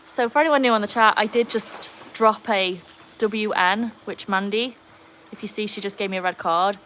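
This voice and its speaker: A woman's voice: mid-range voice, normal speed, a bit bright, slight background noise. A Welsh woman hosting a casual live stream from beside a backyard pool, reading out viewer comments and talking to her dogs. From Wales. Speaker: livestream host.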